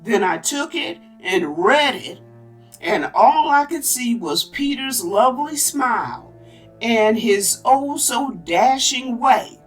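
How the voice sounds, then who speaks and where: A fussy, high-pitched older aunt gushes and frets, put on by a woman. Her exclamations come slowly and heard from a distance, with faint music underneath. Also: animated. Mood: fluttery. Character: flustered, gushing older aunt.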